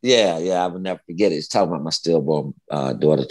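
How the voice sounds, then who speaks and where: A man's voice: a bass voice, quick pace, darkish tone. A middle-aged man, a former pro athlete guesting on a chat show, telling stories bluntly and with plenty of swearing. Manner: profane, blunt, heated storytelling. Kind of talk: casual storytelling chat.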